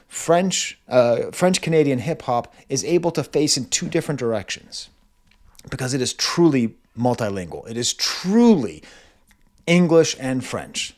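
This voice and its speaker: An American man hosting a music review show, talking in an animated, digressive, lecturing way. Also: mid-range voice. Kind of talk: casual spoken music commentary.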